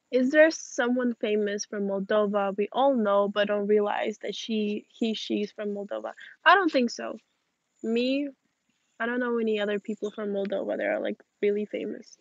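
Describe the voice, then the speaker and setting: A young woman, tired and yawning, reading viewer questions aloud and chatting back in a relaxed way on a livestream outdoors. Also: fairly high pitch, no room sound, dull audio. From Russian-speaking family. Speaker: livestream host. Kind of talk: casual livestream chat reading comments.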